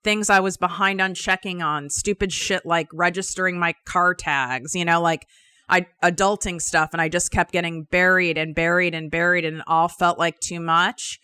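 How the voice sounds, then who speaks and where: A woman in her thirties hosts her own podcast and tells a personal story in a confiding, emphatic way, swearing now and then. Her voice is bright and smooth. The sound is dry and close. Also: fairly low pitch, steady tone, normal speed, no room sound. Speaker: podcast host.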